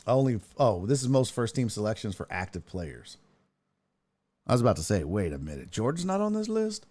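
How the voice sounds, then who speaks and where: Lively, profane man hosting sports talk. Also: on the low side, brisk. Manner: animated, profane, reads chat aloud and jokes. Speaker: sports talk show host. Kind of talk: casual live-stream sports talk.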